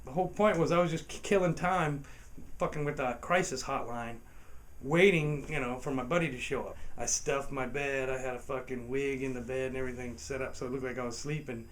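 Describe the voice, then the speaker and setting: A man's voice: medium pitch, brisk. A man telling a profane, laughing comic anecdote and acting out the voices in it. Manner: profane, laughing, acts out voices in his story. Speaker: storyteller.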